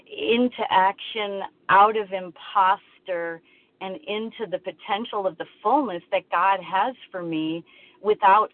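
A woman in her fifties sharing at a recovery meeting, earnest and a little halting. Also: mid-range voice. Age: 50s. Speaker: meeting share. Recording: phone line.

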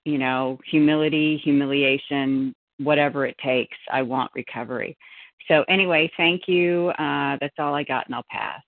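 A woman sharing at a recovery meeting, fervent and halting, often repeating herself. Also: a bass voice, vocal fry, dry recording. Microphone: phone call. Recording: tinny phone line.

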